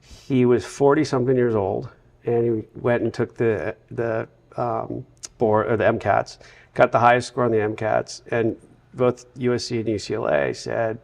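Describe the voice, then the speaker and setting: A man from the United States, a guest in a casual interview, telling long run-on anecdotes with a relaxed storytelling manner. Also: mid-range voice, normal speed, gravelly. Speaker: podcast guest.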